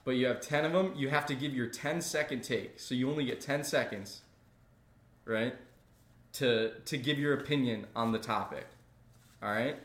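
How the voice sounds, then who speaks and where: A young man tells funny stories on a podcast and slips into the voices of the people in them. His voice sits at a medium pitch, and he often laughs mid-sentence. The room is echoey. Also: moderate pace. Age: young adult. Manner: animated, laughs while retelling, acts out voices in stories. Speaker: podcast co-host. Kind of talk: casual comedic storytelling.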